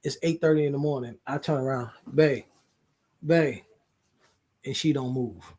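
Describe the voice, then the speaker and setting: Husky man, earnest podcast talk. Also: mid-range voice, quick pace, darkish tone. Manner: earnest, interrupts and apologizes, swears freely. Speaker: podcast co-host. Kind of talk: casual couple chat.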